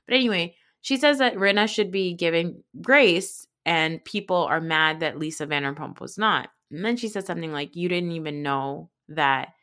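A woman's voice: fairly low pitch, moderate pace, few pauses, a bit bright. A woman hosting a podcast, recapping a reality show in casual, blunt, exasperated chat and swearing freely. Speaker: podcast host.

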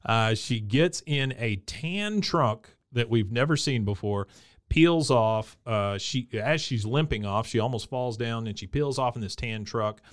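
A man's voice: medium pitch, expressive, unhurried. A man co-hosting a podcast, casually retelling scenes and acting out the characters' lines. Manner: retells scenes, reading out quotes in put-on voices. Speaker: podcast co-host. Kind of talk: casual recap chat.

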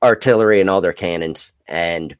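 A man hosting a podcast, recounting battle history in a halting, rambling way. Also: low voice, clear, resonant tone. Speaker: podcast host. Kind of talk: casual history talk.

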